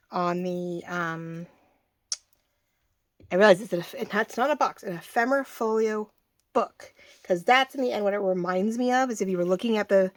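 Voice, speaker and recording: A woman in her forties hosting a casual craft tutorial, chatty and rambling, often restarting her sentences as she works. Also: medium pitch. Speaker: craft channel host.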